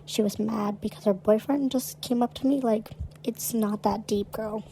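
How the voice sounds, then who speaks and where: Woman, podcast co-host, casual storytelling, filler-heavy, flat, mellow. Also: a little high, normal speed, a little hiss or hum, low-quality recording. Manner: chatty, heavy use of "like".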